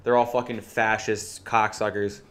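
A man's voice: fairly low pitch, flat delivery, measured pace, fairly bright tone, clean tone. A man co-hosting a podcast, telling a story in a profane, ranting way that keeps repeating phrases. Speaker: podcast co-host.

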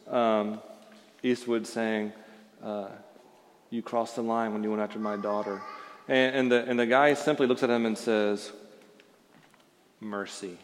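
A man's voice: medium pitch, big-room sound. A man preaching a sermon as a pastor, talking in an informal, storytelling way with fillers and restarts. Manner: conversational, with frequent fillers and restarts.

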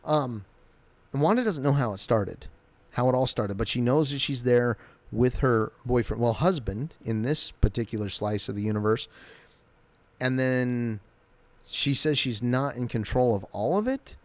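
A man's voice: medium pitch, normal speed, no echo. A man giving a casual, enthusiastic recap of a TV episode, loosely retelling scenes. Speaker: show recap host.

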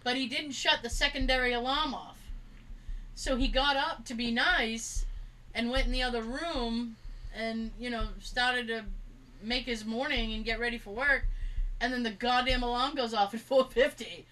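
A woman co-hosting a podcast in loose, casual chat. Her voice sits slightly high, and she tells rambling personal stories, laughing often as she acts out what people said. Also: steady tone, moderate pace, bright, forceful tone, recorded from a distance, low-quality recording. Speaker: podcast co-host.

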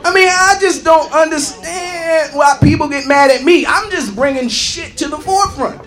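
A man doing a stand-up comedy set, brash and profane, shouting and mimicking singers. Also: very high voice, moderate pace. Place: comedy club stage. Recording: live club recording with crowd. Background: audience laughing and clapping.

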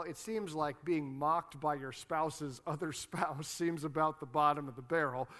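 A man's voice: on the high side, fairly bright tone. A man with a Midwestern American accent preaching a sermon in a conversational, playful way. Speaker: pastor.

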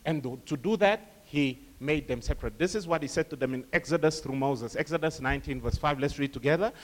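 A man preaching a lively sermon, acting out quoted voices and laughing along with his congregation. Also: on the high side, a little fast. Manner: animated, acts out quoted voices, laughs with the crowd.

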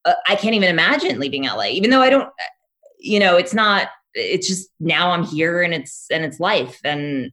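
A woman from Los Angeles talks as a podcast guest in a low voice. She rambles, filling her sentences with hesitations and "like". Her tone is loose and conversational. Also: animated, moderate pace, pushed and bright. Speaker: podcast guest, writer-producer. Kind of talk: casual chat.

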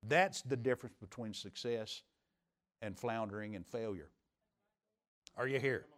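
In a church sanctuary, a middle-aged pastor delivers a sermon in a fairly low, unhurried voice. He builds to emphatic peaks, then drops into quiet, confiding asides.

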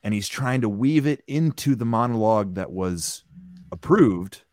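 Lively low-voiced man in casual chat. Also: unhurried, no echo, clean studio sound. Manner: casual, swearing, animated theorizing. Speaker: podcast host. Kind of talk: casual chat reacting to a clip.

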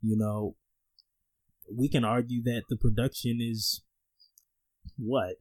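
A man's voice: mid-range voice, flat delivery, slow, a little mellow. A man co-hosting a podcast, chatting casually, teasing and laughing often. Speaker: podcast co-host. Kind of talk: casual chat.

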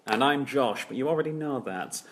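A man's voice: mid-range voice, lively intonation, brisk, fairly bright tone. A man hosting a casual comedy podcast, chatty and laughing often. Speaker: podcast host.

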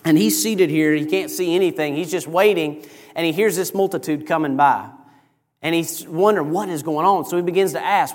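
Male preacher, sermon, animated storytelling, somewhat high voice, long church reverb. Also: normal speed. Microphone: microphone over PA.

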